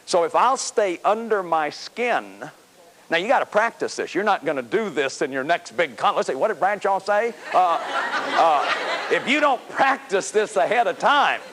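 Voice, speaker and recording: A man's voice: high-pitched, sing-song, normal speed, fairly bright tone, some chatter behind, slight background noise. A man in his fifties giving a self-help lecture, emphatic and repeating words as he drives points home. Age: 50s. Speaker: speaker on healing the inner child.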